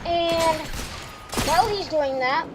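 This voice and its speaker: A woman's voice: very high voice, slow pace, noisy background. A teenage girl telling a rambling storytime while gaming, filling her talk with "like". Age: teens. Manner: rambling, heavy filler "like". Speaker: streamer. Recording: loud game music behind.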